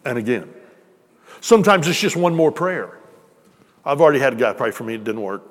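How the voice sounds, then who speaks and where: A man preaching to his congregation in a loose, conversational way, slipping jokes between his points. His voice sits at an ordinary middle pitch. It rings with the long reverb of a church hall. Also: animated, fairly quick. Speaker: pastor. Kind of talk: sermon.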